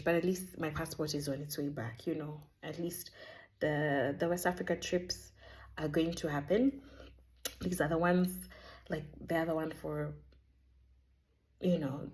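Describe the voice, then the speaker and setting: A woman, casually telling a faith story in a chatty, animated way. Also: fairly low pitch. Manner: chatty, animated, sprinkles in Swahili words. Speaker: vlogger sharing a faith testimony.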